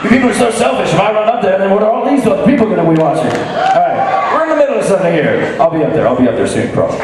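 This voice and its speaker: Man, stage host, teasing, lively pitch, echoey theater, crowd noise. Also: rapid-fire. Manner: teasing, animated, jokey. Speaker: host of a live stage show. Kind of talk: playful live crowd work. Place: theater stage before a live audience. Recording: echoey hall, distant mic, crowd noise.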